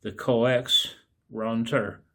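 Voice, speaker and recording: Showing off his radio setup at home and in the yard, a ham radio vlogger talks easily to his viewers, chuckling a lot and rambling in a folksy manner. His medium-pitched voice sounds pushed and bright, with a flat delivery and stretched-out words.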